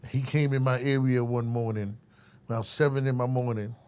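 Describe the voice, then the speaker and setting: The voice is medium-pitched, steady and clean, slightly mellow, at normal speed. It's a middle-aged man, formerly a correctional officer, animatedly telling a story in casual conversation in a profane, streetwise way, acting out its characters and repeating his listener's name.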